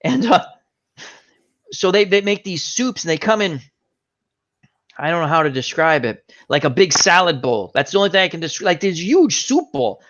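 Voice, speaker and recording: A man hosting a casual chat, telling an animated anecdote and acting out the voices of the people in it. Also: fairly high pitch, normal speed. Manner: animated anecdote teller, acts out quoted voices. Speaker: host. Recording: dull lo-fi stream audio.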